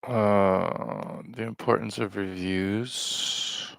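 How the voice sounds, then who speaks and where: A man hosting a livestream, talking in a casual, rambling way with a deadpan, self-mocking manner. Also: on the low side, drawn-out words, vocal fry, no room sound. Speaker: livestream host.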